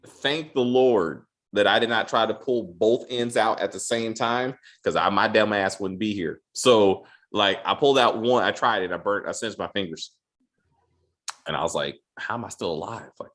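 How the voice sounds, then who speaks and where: A man's voice: fairly low pitch, normal speed, fairly bright tone. A man co-hosting a casual chat, swearing freely and often repeating his words as he goes. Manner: loose and profane, stammers and repeats words. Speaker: podcast co-host.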